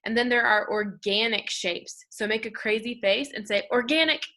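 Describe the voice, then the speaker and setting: Bright, upbeat woman art teacher. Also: mid-range voice, flat delivery, moderate pace. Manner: upbeat, call-and-response chanting with gestures. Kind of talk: classroom lesson to children.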